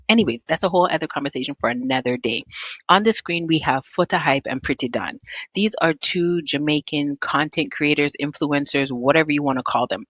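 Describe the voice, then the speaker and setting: A vlog host giving commentary in an animated, teasing way, full of rhetorical questions. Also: mid-range voice, no room sound, dull audio.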